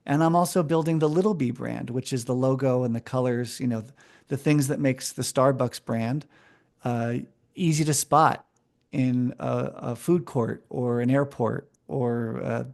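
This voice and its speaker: A man with a mid-range voice, guesting on an interview podcast. He answers in a lively, enthusiastic way, restarting his phrases now and then as his thoughts run ahead. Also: medium pitch, unhurried, vocal fry. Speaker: interview guest, brand strategist. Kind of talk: casual conversational interview.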